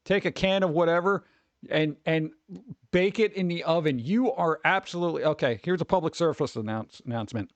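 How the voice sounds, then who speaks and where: A streamer reacting to food videos offers casual live commentary in a slightly high voice, talking a little fast. He rambles, stumbles over words and comes across as exasperated and sarcastic, recorded dry and close with no echo.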